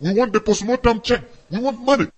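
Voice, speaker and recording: A man's voice: extremely high pitch, brisk, a little mellow. A man playing a grumbling protester who complains in repeated words and demands money. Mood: complaining. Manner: complaining, repetitive.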